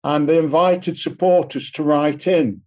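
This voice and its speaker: A man's voice: a little high, fairly even intonation, unhurried, darkish tone. An older man, earnestly telling a personal story in an interview. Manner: earnest, anecdotal. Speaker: club ambassador.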